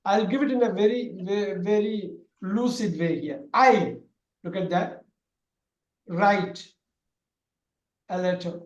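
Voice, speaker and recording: Teacher guy, loud, repeats everything, high-ish voice, echoey room. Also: slow, long pauses, highs cut off. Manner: loud, repetitive explaining with many fillers. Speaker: English teacher. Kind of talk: online class lecture.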